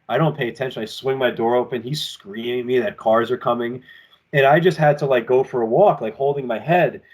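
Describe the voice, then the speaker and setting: A male pro wrestler talking from his apartment over a remote call, mid-pitched and ordinary in tone. He tells his stories loosely and with energy, jumping between his own lines and the voices of the people in them. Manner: rambling and animated, acting out quotes. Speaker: professional wrestler, podcast guest. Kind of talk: casual storytelling in an interview. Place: home apartment with collectibles shelves.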